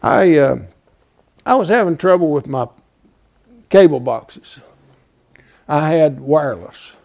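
A man's voice: on the high side, slow, creaky. A man in his seventies preaching, telling a folksy story with rising animation. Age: 70s. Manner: folksy, animated, builds to loud. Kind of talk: storytelling sermon.

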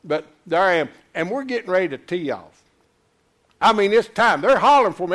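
An older man preaching a sermon, telling a folksy story and swinging from low murmurs to loud high exclamations. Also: expressive, brisk. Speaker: pastor.

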